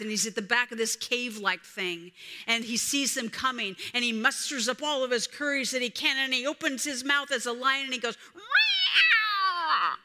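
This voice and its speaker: A woman preaching a sermon as a story, swinging from hushed whispers to loud, emphatic peaks. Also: on the high side. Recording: reverberant hall.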